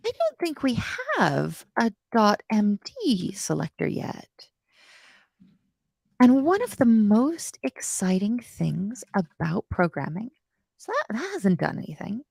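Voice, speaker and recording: A woman's voice: medium pitch, huge pitch swings, slow pace, vocal fry, a little mellow, husky, no echo, studio quality. Chatty woman teaching code live. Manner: chatty, self-deprecating, apologetic asides; slips into playful quoted voices and whispers. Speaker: coding instructor on a live stream. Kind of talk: live coding lesson.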